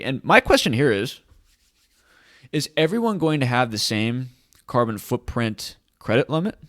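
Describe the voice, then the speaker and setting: A man's voice: medium pitch, expressive, unhurried, fairly bright tone, no room sound, studio quality. A man hosting a casual commentary video who reads news articles aloud and breaks off with sarcastic rhetorical questions. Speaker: host of a cryptocurrency commentary channel.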